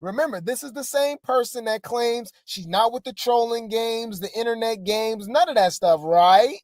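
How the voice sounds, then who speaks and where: A woman's voice: on the high side, normal speed, a little mellow, dry recording, studio quality. A woman hosting gossip commentary in a casual, sassy way, often repeating her phrases.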